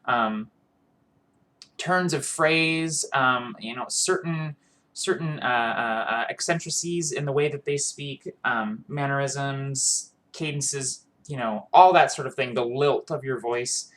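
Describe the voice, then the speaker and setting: A man's voice: medium pitch, slow, a bit bright. Earnest man giving role-play tips. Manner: earnest, with frequent fillers and restarts. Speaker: tabletop role-playing video host. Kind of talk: casual advice monologue.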